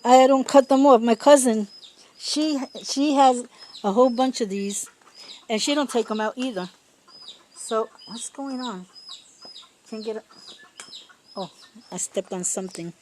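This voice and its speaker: A woman talking her way through a casual garden vlog outdoors, chatty and rambling, laughing often and pausing to search for words. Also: fairly high pitch, a little mellow, slight background noise. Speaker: home gardener.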